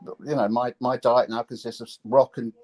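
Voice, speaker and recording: A man, a guest musician in a casual interview, talking in halting, restarting phrases with dry sarcastic humour. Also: medium pitch, little pitch movement, a little mellow, poor audio.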